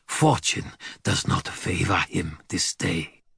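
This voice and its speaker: A man voicing a menacing, contemptuous male dog-spirit villain who speaks slowly in a snarling, archaic way, with a gravelly husky voice. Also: deep voice, a bit bright, dry recording, studio quality, exaggerated voice.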